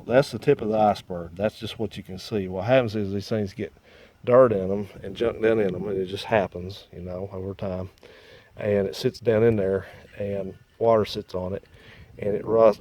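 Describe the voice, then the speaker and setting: A man whose voice sits on the low side and sounds a little mellow demonstrates a car repair outdoors, recording on a handheld phone. He's a mechanic running his own channel, explaining the hands-on work in a folksy manner.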